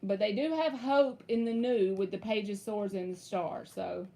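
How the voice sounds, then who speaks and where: A woman's voice: medium pitch, moderate pace, dark tone. A woman in her thirties doing a casual live tarot reading, talking through the cards and chatting with viewers. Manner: casual, laughs easily, chats with viewers. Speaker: tarot reader.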